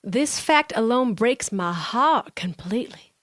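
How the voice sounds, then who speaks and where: A woman putting on a Southern US drawl to read a listener review aloud, slow and drawn out. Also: fairly high pitch, expressive, no room sound, studio quality. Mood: earnest drawl. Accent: put-on Southern US drawl.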